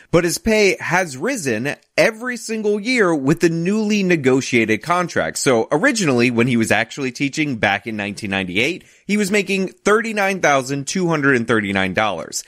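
A man's voice: on the high side, fairly bright tone, dry recording, studio quality. A man hosting a commentary video who talks in an indignant, emphatic way. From New York. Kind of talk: political commentary.

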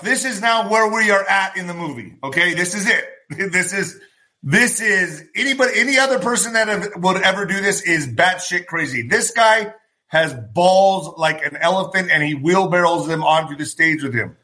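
A man hosting his own political commentary vlog, talking in an animated, profane way and gesturing with his hands as he goes. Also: sits high, moderate pace. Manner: former boxer. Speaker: show host.

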